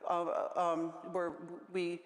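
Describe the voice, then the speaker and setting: A woman's voice: on the low side, completely flat delivery. Older woman near tears, echoey hall. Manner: halting, many restarts and trailing fillers. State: close to tears. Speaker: panel guest. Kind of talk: emotional panel testimony. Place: large conference hall stage. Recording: echoey hall with long reverb.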